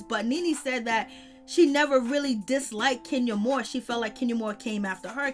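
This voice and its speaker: A woman hosting a casual live commentary, talking in slangy, animated asides straight to her viewers. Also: fairly high pitch. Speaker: reality-TV commentary host.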